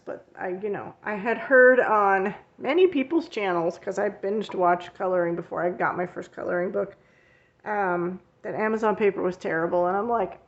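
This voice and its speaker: Woman, art teacher, casual vlog chat, rambling with self-corrections, mid-pitched voice, slightly muffled audio. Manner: chatty and rambling, with frequent fillers and self-corrections. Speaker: coloring channel host. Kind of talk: casual show-and-tell vlog.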